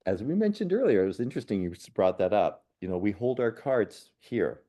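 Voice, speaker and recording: A man, a spiritual medium and podcast guest, telling personal stories in an earnest, unhurried way. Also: fairly low pitch, very animated. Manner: earnest, unhurried, with soft laughs and restarts. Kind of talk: reflective personal storytelling in a podcast conversation.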